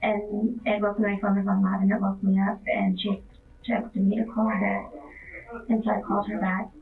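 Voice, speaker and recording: A woman's voice: medium pitch, level tone, normal speed. A young woman in her twenties, a witness in a police interview, talking in a hesitant, rambling way full of fillers. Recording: distant, tinny phone-like interview recording.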